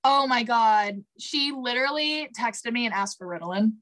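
A young woman co-hosting a podcast, telling stories in a blunt, profane, animated way. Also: fairly high pitch, moderate pace. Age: young adult. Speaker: podcast co-host. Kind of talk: casual chat.

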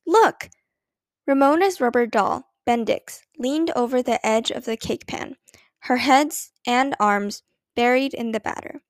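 A woman narrating a children's storybook with a clear, expressive reading. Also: a little high, unhurried, no echo, clean studio sound. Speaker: audiobook narrator.

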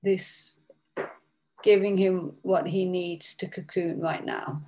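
A woman's voice: lowish voice, steady tone, slow pace, warm tone. A woman from Britain talking casually as the client in a guided session. She laughs often and fills her speech with "like". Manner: laughs often, many fillers of "like". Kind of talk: casual chat.

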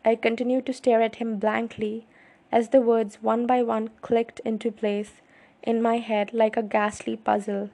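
A woman reading a first-person novel aloud in an even, understated way. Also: on the high side, unhurried, gravelly. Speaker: audiobook reader.

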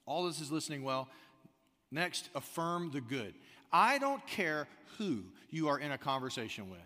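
A man's voice: on the high side, sing-song, normal speed, sharp tone. A man preaching a sermon, telling stories with animation and acting out the quoted lines. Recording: long reverb of a large hall.

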